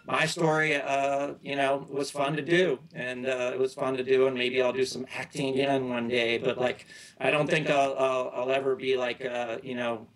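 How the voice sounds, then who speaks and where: A middle-aged man talks as a guest in a relaxed interview, drifting from one story to the next. He trips over his own sentences and starts them again, keeping an easygoing conversational flow. His voice sits at an ordinary pitch for a man. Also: low-quality recording. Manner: rambling, loose storytelling with many restarts. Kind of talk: casual interview chat.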